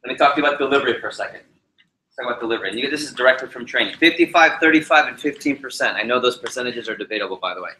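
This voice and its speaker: Bright-voiced man coaching a live room. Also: very fast, a little hiss or hum. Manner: animated, varies speed and pitch to demonstrate points. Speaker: public speaking trainer. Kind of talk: energetic presentation to a live group. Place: meeting room with a live audience. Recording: roomy echoey hall.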